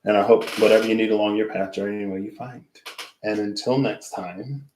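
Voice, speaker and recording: Low-voiced man musing in an echoey room. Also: fairly even intonation, brisk, a little mellow, a little hiss or hum. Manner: rambling and reflective, trailing off into asides. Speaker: tarot reader. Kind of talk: casual spoken tarot reading wrap-up.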